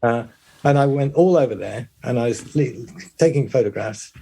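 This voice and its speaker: An older man from the United Kingdom, a former pilot, chatting in an interview in a hesitant, halting way with many restarts. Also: mid-range voice, creaky, dark tone, breathy edge. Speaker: guest, former RAF bomber pilot. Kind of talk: casual interview chat.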